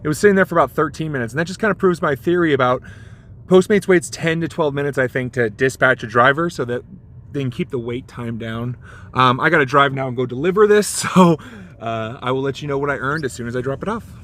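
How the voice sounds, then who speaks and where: This delivery driver's car vlog is a casual monologue delivered fast in a slightly bright voice. Chatty and anecdotal, he imitates the people he encountered, with big pitch leaps on the quotes.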